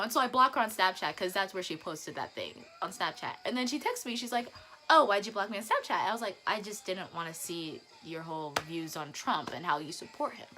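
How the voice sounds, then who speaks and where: A teenage girl telling a storytime vlog to a phone camera, chatty and animated, with restarts and giggles. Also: mid-range voice. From northern Virginia, US. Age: teens. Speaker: vlogger.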